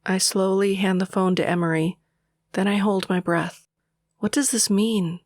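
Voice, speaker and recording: A man narrating a romance audiobook in the first person, with a steady, unhurried delivery and a gravelly voice. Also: sits high, no echo, studio quality.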